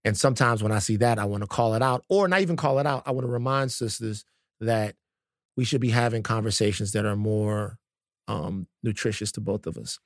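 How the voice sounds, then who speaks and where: A man's voice: on the low side, brisk, no room sound, studio quality. Man talking casually, with fillers and restarts. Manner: conversational, stop-start with many fillers and restarts. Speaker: podcast co-host. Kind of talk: casual podcast chat.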